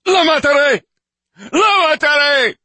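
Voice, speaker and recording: A man's voice: very high-pitched, a little slow, bright, forceful tone, no room sound, pitched above the performer's own voice, full character voice. A man voicing a grieving husband in an audiobook, pleading in despair and then screaming with a strained, shredded voice.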